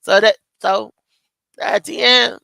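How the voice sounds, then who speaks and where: A woman in her thirties hosting a casual talk show, telling a story in an animated way and acting out the voices she quotes. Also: mid-range voice, takes it slowly, gravelly, no room sound, poor audio. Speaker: host. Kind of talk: casual chat.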